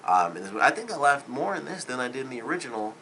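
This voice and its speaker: A man's voice: mid-range voice, very animated, fast, pushed and bright, a little hiss or hum, poor audio. A man giving a casual spoken movie review, rambling loosely with lots of "like" and "you know.".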